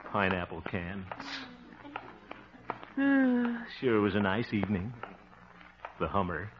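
Bashful stammering small-town suitor, slow and swooping, vintage radio play with hiss. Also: male voice, medium pitch. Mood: giddy. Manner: stammering, giggly, fumbling. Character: bashful lovesick small-town young man. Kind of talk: 1940s radio acting. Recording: dull hissy old radio recording.

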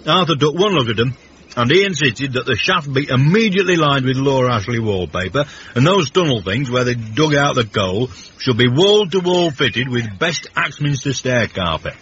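A man's voice: medium pitch, lively intonation, moderate pace, fairly bright tone, a little hiss or hum, natural voice. An actor playing a pompous, affected posh man who talks with self-pitying grandeur in a radio comedy. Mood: affected, snobbish. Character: pompous posh man, brother of a union leader. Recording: dull old radio broadcast.

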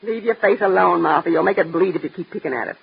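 A woman's voice: fairly low pitch, fast talker, vocal fry, breathy edge, full character voice. A woman playing a nagging middle-aged mother who scolds her grown daughter, in a 1940s radio drama. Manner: nagging, relentless. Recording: dull lo-fi old radio recording.

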